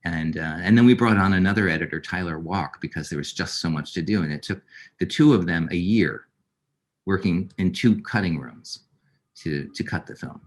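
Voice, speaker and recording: A middle-aged man with a very low, deep voice talks as an interview guest. He speaks in a halting, thoughtful way, pausing on fillers and starting sentences over. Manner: halting, many fillers and restarts. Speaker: filmmaker guest. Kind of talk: reflective interview talk.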